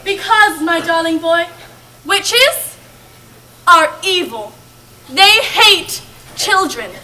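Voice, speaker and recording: A woman's voice: very high-pitched, animated, bright, forceful tone, full character voice. A woman playing a doting grandmother telling witch lore. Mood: ominous. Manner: slow, dramatic storytelling with emphatic drawn-out words. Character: old grandmother warning of witches, storytelling, doting. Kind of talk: amateur stage play. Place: camp stage, audience hall. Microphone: far camera in the audience. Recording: distant camera, faint hiss.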